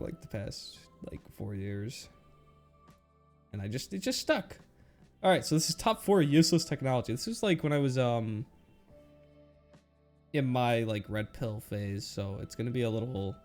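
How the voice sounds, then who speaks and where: A man's voice: mid-range voice, darkish tone. A young man casually commenting on his old school slides, rambling and joking at himself with frequent laughs, recorded on a webcam. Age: young adult. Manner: rambling, self-mocking, laughs often. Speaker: YouTuber.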